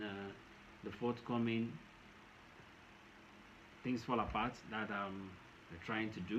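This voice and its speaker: A man's voice: mid-range voice, fairly bright tone. Man, Nigerian accent, casual rambling commentary, dull lo-fi recording, faint noise behind. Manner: rambling, repeats and restarts phrases. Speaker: vlogger.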